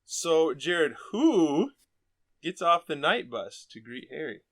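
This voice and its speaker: A man's voice: fairly high pitch, big pitch swings, slow pace. A man hosting a casual book podcast, rambling and laughing a lot as he talks. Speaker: podcast host.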